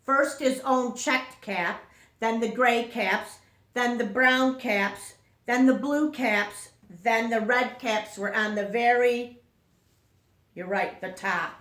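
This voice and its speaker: A woman teacher reading a picture book aloud to young children, taking it very slowly. Her voice is fairly high, and she often pauses to ask questions. The sound rings in an echoey room. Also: fairly bright tone. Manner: slow, questioning storytime delivery.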